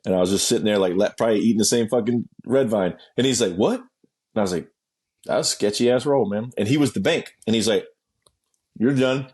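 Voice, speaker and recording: A man telling a story as a guest in a casual interview, acting out quotes with sudden jumps in pitch, swearing freely and laughing as he goes. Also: fast talker, darkish tone, breathy edge.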